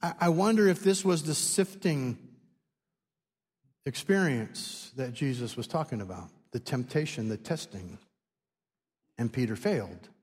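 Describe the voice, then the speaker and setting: Animated preacher man in a reverberant hall. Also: medium pitch, a little slow, long pauses, slightly rough. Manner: animated storytelling, acting out voices. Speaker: pastor. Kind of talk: sermon.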